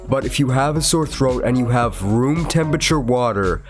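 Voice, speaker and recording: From his room, a man with a cold and slightly nasal voice chats casually as a VTuber host while ranking foods on a tier list. He rambles chattily and chuckles, his medium-pitched voice expressive at normal speed over soft background music.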